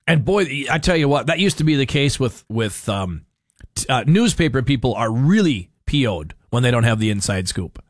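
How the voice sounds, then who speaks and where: A male talk radio host who wanders through his thoughts with a wry, chuckling delivery. His voice sits at an ordinary middle pitch. The studio sound is dry and close. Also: big pitch swings, normal speed, no echo. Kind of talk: casual talk radio commentary.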